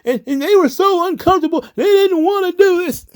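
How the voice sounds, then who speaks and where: A shrill, pearl-clutching crowd of complainers, as a man mocks them, stammering and whining. The voice jumps well above his own register and drips with sarcasm. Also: brisk. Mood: whiny mocking. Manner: mocking, whiny, stammering. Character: whiny outraged wrestling fans, pearl-clutching.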